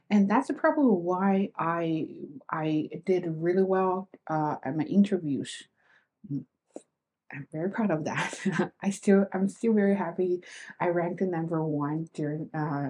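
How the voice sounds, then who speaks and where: A woman talks through her thoughts on her own podcast in a relaxed monologue. Her voice sits fairly low with a mellow, warm tone. She keeps it reflective and conversational, asking her listeners rhetorical questions. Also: normal speed. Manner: reflective, asks rhetorical questions, often adds "right?". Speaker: podcast host. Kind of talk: casual solo podcast monologue.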